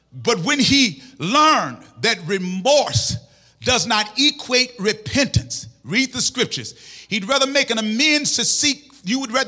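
A man preaching a sermon as pastor in a church, impassioned, shouting and half-singing phrases. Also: extremely high pitch.

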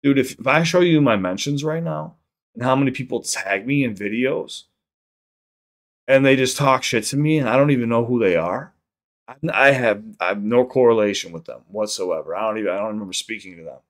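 A young man from Chicago with a Chicago accent, chatting casually on a livestream while high, rambling and swearing often. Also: fairly quick. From South Side of Chicago. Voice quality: rambling, profane, repeats himself. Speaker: streamer.

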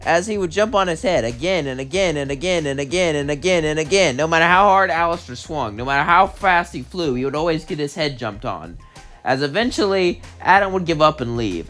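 A man's voice: a little high, a bit bright. A young man telling a fan story in a casual storytelling style and chatting rambling and giggly to his viewers. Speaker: channel host.

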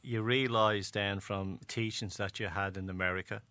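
A man's voice: on the low side, steady tone, moderate pace, pushed and bright, no room sound. A man hosting an interview, putting brief questions to his guest. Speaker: host.

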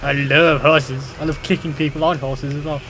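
A man's voice: on the high side, level tone, normal speed, a bit bright, a little hiss or hum. A young man co-hosting a let's play video, chatting and laughing as he plays. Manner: chatty, laughs often, eager to react to the game. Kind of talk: casual gaming banter.

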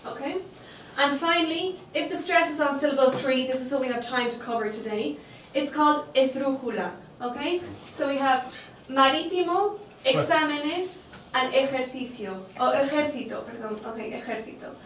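Patient woman teacher with a high voice, recorded from the back of an echoey classroom. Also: moderate pace, hardly any pauses, a bit bright, slight background noise. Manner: patient, checks understanding with frequent okay. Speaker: Spanish teacher. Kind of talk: classroom lesson. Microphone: distant room microphone. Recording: echoey classroom, mic far off.

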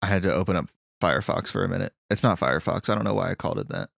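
Low-voiced rambling man at play. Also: lively intonation, rapid-fire, gravelly, fairly bright tone, dry recording, studio quality. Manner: rambling with lots of fillers and restarts. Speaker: co-host playing a video game. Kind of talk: casual gameplay commentary.

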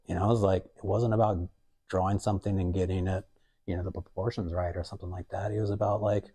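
A man's voice: sits low, level tone, fast, dark tone, slightly rough. A young adult man, an artist, talking casually in a museum gallery, rambling with lots of fillers and quoted asides. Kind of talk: casual conversational talk.

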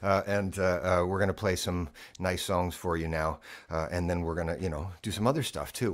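A man's voice: low voice, steady tone, a little fast. A man hosting a casual music livestream from his living room, rambling and self-mocking, with lots of fillers and restarts. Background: keyboard playing.

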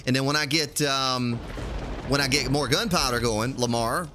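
A man's voice: mid-range voice, normal speed, pushed and bright, a little hiss or hum. A man streaming a video game, chatting casually and rambling to his viewers. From United States. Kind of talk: casual live-stream commentary.

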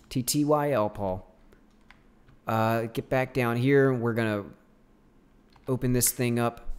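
A man hosting a let's play video, chatting casually with viewers as he plays. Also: medium pitch. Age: adult. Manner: unhurried, chatty, talking to viewers. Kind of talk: casual game commentary.

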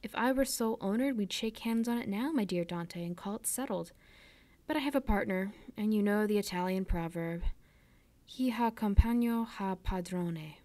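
A woman's voice: medium pitch, moderate pace, mellow, natural voice. A woman reading the part of a kindly middle-aged male ship owner, fatherly and encouraging in manner. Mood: genial.

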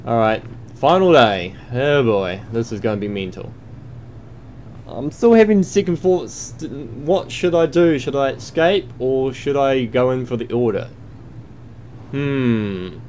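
A man's voice: mid-range voice, a little slow, a little mellow, a little hiss or hum. A man thinking aloud and swearing as he comments on his own game play, sarcastic and crude. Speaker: let's play host. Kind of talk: gameplay commentary.

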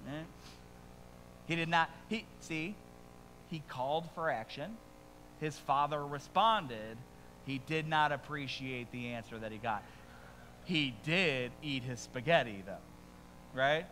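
Bright-voiced pastor telling a story. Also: male voice, a little high, animated, takes it slowly, pauses often, in a large hall, a little hiss or hum, rough recording. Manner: conversational, humorous storytelling with frequent rhetorical asides. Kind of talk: sermon.

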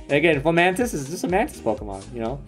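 A young man live-streaming a card pack opening, chatting excitedly with viewers and swearing casually. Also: a little high, faint music behind. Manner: excitable, swearing, quick asides to chat. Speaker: streamer opening trading cards.

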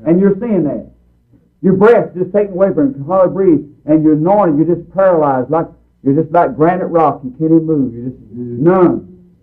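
A man's voice: fairly high pitch, a little fast. Fervent preacher man on a tinny line. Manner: folksy, emphatic preaching with frequent repetition. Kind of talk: fervent sermon. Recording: tinny phone-like recording.

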